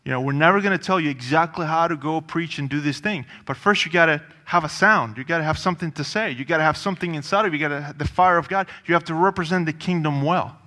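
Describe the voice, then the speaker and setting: Preacher guy, bright punchy voice, chatty and emphatic, big hall echo. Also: on the high side, fast, hardly any pauses. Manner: conversational and emphatic, with frequent asides and repetition. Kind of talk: sermon.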